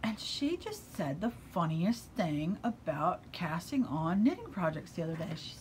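A woman's voice: lowish voice, big pitch swings, moderate pace, a little hiss or hum. Bubbly American woman gushing about knitting. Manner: bubbly and gushing, with breathy asides. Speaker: yarn shop owner and vlogger. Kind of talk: casual chat about knitting. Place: her yarn shop.

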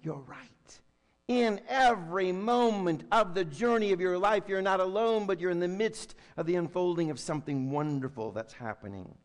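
A man preaching a sermon as pastor, building to loud emphatic lines and then dropping to soft, quiet tones. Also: high voice, moderate pace. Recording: long hall reverb with faint hum.

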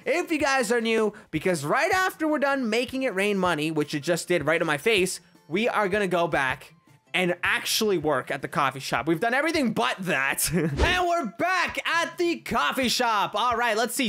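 A woman hosting a gaming video, giving playful gameplay commentary in an excitable, teasing way and laughing often. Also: medium pitch.

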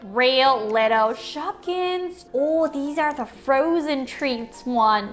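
A woman's voice: sits high, takes it slowly. Bubbly woman unboxing toys. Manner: bubbly, puts on silly voices for toys. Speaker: toy unboxing host. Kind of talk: playful unboxing commentary.

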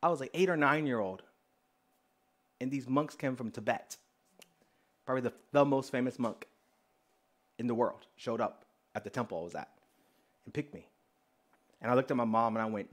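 A man preaching as a pastor, telling a personal story in an animated way and acting out the dialogue. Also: mid-range voice, moderate pace, long pauses. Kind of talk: storytelling sermon.

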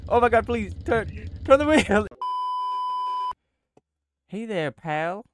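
A man hosting a casual gameplay video, excitable and yelping, given to playful trash talk. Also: sits high, slow pace, very noisy. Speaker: gaming video host.

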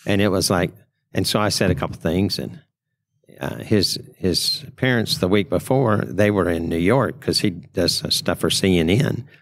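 A man's voice: sits low, normal speed. A man, a podcast guest telling a casual story and acting out the quotes in a raised voice. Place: trade show.

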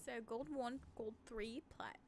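A playful woman streamer talks slowly and unhurriedly in a fairly high voice, giggling and teasing between rounds of a game. A faint hum of room noise sits behind her. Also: steady tone, darkish tone. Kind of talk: casual gaming stream chat.

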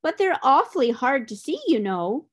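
A woman doing squeaky little monkeys. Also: very animated. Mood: flustered. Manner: high, squeaky and hurried. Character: small excitable little monkeys, a group.

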